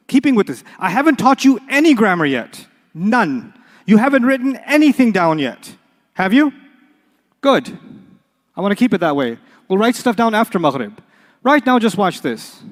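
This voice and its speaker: A man leads a live Arabic lesson, his voice pitched high. He is playful, repeating sounds and throwing questions at the class, and a long hall reverb trails each phrase. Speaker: Arabic teacher.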